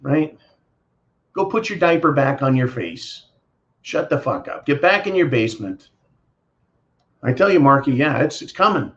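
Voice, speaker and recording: Man, mid-pitched, ranting host, sarcastic and foul-mouthed, muffled lo-fi sound. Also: big pitch swings, moderate pace, pauses often, fairly bright tone. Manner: sarcastic, swearing, mocking voices when quoting. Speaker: host answering viewer comments. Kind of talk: profane political rant.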